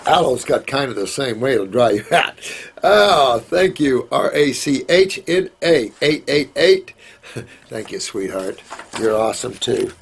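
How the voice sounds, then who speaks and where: This middle-aged host runs a laid-back live Q&A, wandering from point to point in a folksy style and addressing viewers as sweetheart and honey. His voice is gravelly and husky at a medium pitch, animated but measured in pace.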